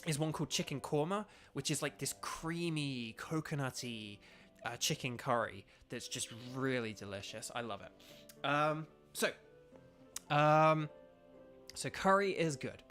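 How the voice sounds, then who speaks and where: A man's voice: medium pitch, expressive, a little slow, a bit bright, faint music behind. A young man chatting casually and rambling while streaming a video game. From United Kingdom. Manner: rambling, filler-heavy, chatty. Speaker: streamer and voice actor. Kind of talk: casual gaming stream chat.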